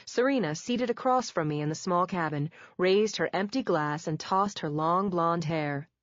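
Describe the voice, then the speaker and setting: A woman narrating a first-person audiobook in a wry, measured way, close to a studio mic. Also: on the low side, dry recording. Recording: dull dry studio read.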